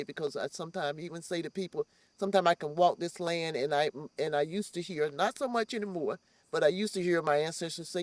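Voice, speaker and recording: This community farm organizer speaks low and a little fast, with few pauses and no room sound. Earnest and heartfelt in her interview, she leans on repeated phrases for emphasis.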